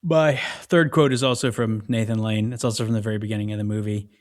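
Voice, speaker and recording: A man's voice: fairly low pitch, steady tone, fast, no room sound, clean studio sound. A man co-hosting a podcast, casually retelling film scenes with slangy, enthusiastic storytelling. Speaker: podcast co-host. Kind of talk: casual movie chat.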